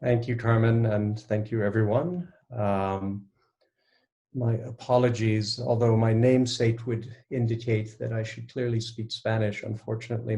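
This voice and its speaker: A man giving a relaxed, self-deprecating conference talk over a video call. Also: lowish voice, vocal fry. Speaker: guest speaker. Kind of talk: online conference presentation.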